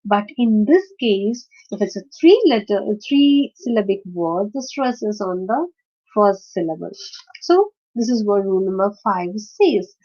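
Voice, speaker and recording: A woman teaching a phonetics lesson, hesitant with many fillers and self-corrections, spelling out letters and slowly stressing example words. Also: medium pitch, lively intonation, mellow. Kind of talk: phonetics lecture. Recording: slightly dull lo-fi sound.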